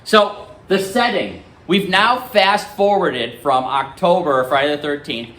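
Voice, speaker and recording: A man's voice: on the high side, measured pace. A male teacher reading a novel aloud in a classroom and quizzing his students. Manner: lively, questioning students.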